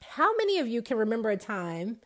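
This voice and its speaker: A woman's voice: a little high, big pitch swings, a little fast, a bit bright. A woman giving an emphatic motivational talk to an audience, repeating her points for effect. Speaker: speaker on nutrition.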